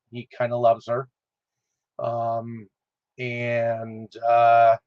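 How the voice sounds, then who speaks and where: A man leads a casual film chat, talking slowly and stumbling through his sentences with a steady stream of "uh" fillers. The recording is dry and a bit dull, with a lo-fi edge. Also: mid-range voice, dry recording. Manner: halting, with constant "uh" fillers. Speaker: podcast host.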